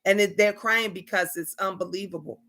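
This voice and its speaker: Bright-voiced woman telling reading stories. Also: medium pitch, brisk, vocal fry. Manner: animated storytelling, quoting spirits and viewers in character. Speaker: tarot reader and channel host. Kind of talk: casual livestream chat.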